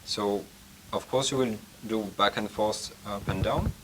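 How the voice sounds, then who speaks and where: A man explains acupuncture technique in a calm, methodical way, pausing now and then to find his words. His voice sits a little low, and a faint hum of room ambience runs underneath. The delivery is that of a clinical teaching demonstration. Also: rough recording. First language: French. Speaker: acupuncture lecturer.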